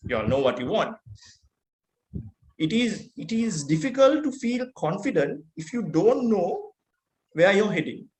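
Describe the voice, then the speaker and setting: A man with a Sri Lankan accent giving a motivational keynote speech, earnest and full of rhetorical questions. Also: on the high side. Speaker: keynote speaker. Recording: roomy echo.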